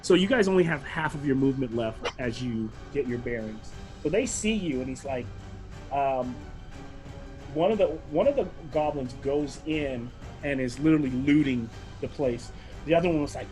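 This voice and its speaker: A man's voice: mid-range voice, moderate pace, darkish tone, soft background music. A man narrating a tabletop game as game master, rambling along with lots of fillers.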